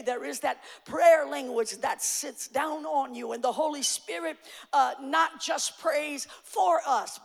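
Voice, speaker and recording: A woman pastor preaching a sermon with rising fervor, often shouting her emphatic lines, with frequent fillers and repeated starts. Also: high-pitched, gravelly. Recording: long hall reverb.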